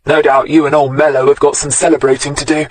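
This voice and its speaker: A man's voice: a little high, little pitch movement, fast, no room sound, natural voice. A man voicing a leering, spiteful male detective constable with a smirking, sneering delivery.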